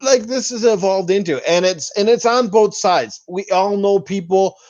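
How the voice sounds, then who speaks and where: Profane, animated male podcast host. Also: high-pitched, normal speed, no room sound. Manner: profane, animated rants with mocking quoted voices. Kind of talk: casual gaming podcast chat. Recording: dull, dry lo-fi sound.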